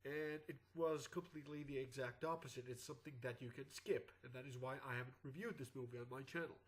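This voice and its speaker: Male YouTuber with a congested, groggy sick voice; rambling casual commentary at a middle pitch. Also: quick pace, poor audio. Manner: rambling, with frequent "uh" and restarts. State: sick with clogged sinuses.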